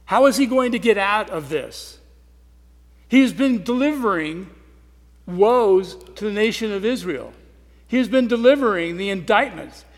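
This high-voiced man preaches expressively and a little slowly, his earnestness rising into loud emphasis and falling back to hushed asides. The long echo of a big hall surrounds the sermon.

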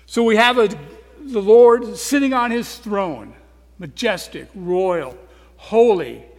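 A man preaching a sermon in an earnest way, swinging between loud emphasis and quiet, soft asides. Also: high-pitched, slow pace. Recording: long reverb of a large hall.

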